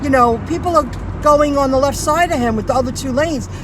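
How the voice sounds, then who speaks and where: A woman's voice: sits high, brisk, noisy background. A woman who drives for food delivery, telling a rambling story on a casual livestream, repeating herself and restarting sentences.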